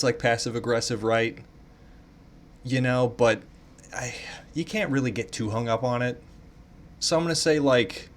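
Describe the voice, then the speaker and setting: A man taking online quizzes in casual commentary, thinking out loud, swearing freely and playing up mock indignation. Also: mid-range voice.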